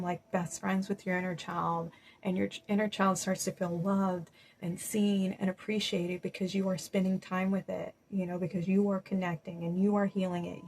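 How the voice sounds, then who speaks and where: A woman giving a gentle spiritual reading to viewers, reassuring and casual, with many "you know"s. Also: medium pitch, poor audio. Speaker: spiritual card reader. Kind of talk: intuitive tarot-style reading to viewers.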